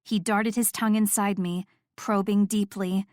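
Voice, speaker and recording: A woman reading first-person audiobook narration with steady, intimate storytelling. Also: medium pitch, normal speed, no echo, clean studio sound.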